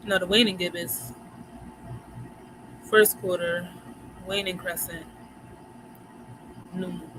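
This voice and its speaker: Her voice is lowish and her intonation fairly even as she takes her time, leaving long pauses. She's a Philadelphia livestream host with a Philly accent, addressing viewers in a chatty, slangy way about the phases of the moon, with clear background noise behind her.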